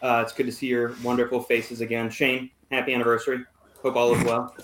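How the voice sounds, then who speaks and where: A man's voice: medium pitch, completely flat delivery, fairly quick, a bit bright. A man hosting a casual podcast, introducing his co-hosts with playful, theatrical flourishes. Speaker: podcast host. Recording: echoey room.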